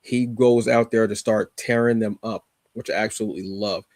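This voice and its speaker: A man's voice: fairly low pitch, fairly even intonation, moderate pace, a little mellow, no room sound, studio quality. A man co-hosting a podcast, casually reviewing a comic with rambling enthusiasm, many fillers and restarts.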